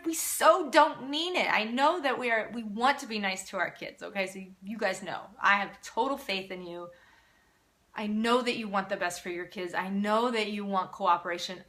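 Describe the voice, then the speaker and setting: A parenting coach runs a casual live-stream Q&A. Her voice sits mid-range with a slight brightness, and she talks at a moderate pace. She's earnest and encouraging, and she often starts her sentences over.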